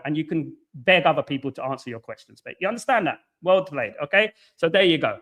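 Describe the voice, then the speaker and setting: A man hosting a casual live stream and answering viewers' comments. He rambles, repeats stock phrases, calls viewers mate, and trails off quietly at the ends of phrases. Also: a little high, animated, fairly quick. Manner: blunt and scolding toward critics, calls viewers mate.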